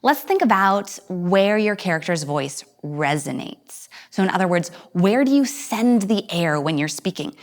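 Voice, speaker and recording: Low-voiced woman teaching acting to viewers at home; she explains and then demonstrates each voice, jumping suddenly up or down. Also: expressive, unhurried, hardly any pauses.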